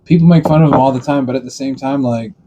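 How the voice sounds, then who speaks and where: Male podcast co-host, blunt joker, dark husky voice. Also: mid-range voice, fast, muffled recording. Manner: blunt, profane, joking. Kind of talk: casual chat.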